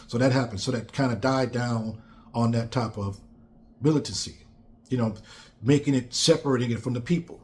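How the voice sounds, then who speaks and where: A man's voice: mid-range voice, brisk, darkish tone, a little hiss or hum. A man giving a blunt, emphatic casual monologue on politics, repeating phrases for stress. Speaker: commentator.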